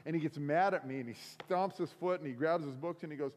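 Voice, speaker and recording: A man's voice: a little high, fast, hardly any pauses. A man telling a personal story to a crowd as a speaker, acting out the voices of the people in it. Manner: animated, acts out the voices in his story. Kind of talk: storytelling sermon. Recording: long hall reverb.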